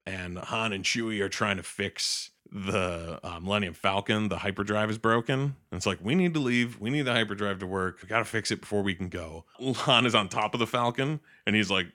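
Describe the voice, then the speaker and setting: A man's voice: lowish voice, a little fast, hardly any pauses, pushed and bright. A young man casually recapping a film, swearing and acting out the characters' lines in funny voices. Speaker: podcast host recapping a film. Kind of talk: casual chat.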